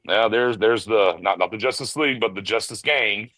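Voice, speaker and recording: Podcast co-host, man with a low voice, lively storyteller who slips into quick impressions, dry sound. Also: no echo, rough recording. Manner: animated storyteller, mimics characters in quick bursts. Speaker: podcast co-host reviewing a film. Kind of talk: casual chat.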